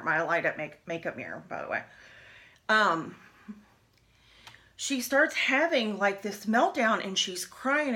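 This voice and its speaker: A woman's voice: medium pitch, pushed and bright. A woman in her forties chatting and rambling while doing her makeup at home, with many fillers and restarts. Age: 40s. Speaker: beauty vlogger. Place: home, at a lit makeup mirror.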